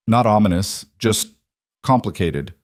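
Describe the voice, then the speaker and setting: A man's voice: lowish voice, lively intonation, a little slow, no room sound, studio quality. A man playing Elias, a weary but devoted former lawman and husband in a western storybook, speaking steadily and solemnly. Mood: steady.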